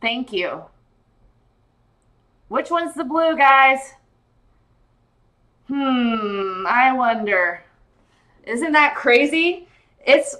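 A woman hosting a casual live-stream jewelry sale, excitable and gushing, calling out viewers by name and sounding giddy and tired late at night. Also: on the high side.

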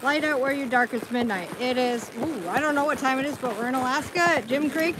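A woman's voice: high-pitched, brisk, noisy background. A woman live-streaming on her phone while riding a horse on a trail outdoors, chatting casually and coaxing her dog along in a sing-song voice.

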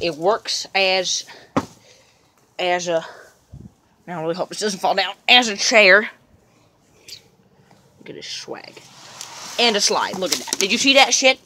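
Bright-voiced, profane young woman vlogger. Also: fairly low pitch, a little hiss or hum. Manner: loud, profane, rambling, bursts into yells. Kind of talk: chaotic comedic vlog.

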